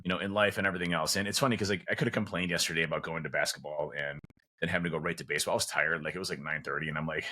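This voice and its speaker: A man with a rumbling low voice talks rapid-fire in a sharp tone with fairly even intonation. He sounds like a father of teens, chatting casually as a podcast guest. He rambles with lots of fillers and restarts, acting out quoted conversations.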